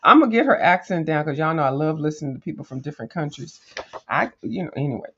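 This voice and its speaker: A woman's voice: low voice, lively intonation, quick pace, a little hiss or hum. A woman chats casually as she pages through a coloring book, rambling from thought to thought with plenty of ums and restarts. She talks straight to her viewers, calling them "girl" and tossing in sassy little "mm-mm"s. The recording sounds a bit dull and lo-fi. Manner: rambling and chatty, with many fillers and restarts. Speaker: coloring channel host.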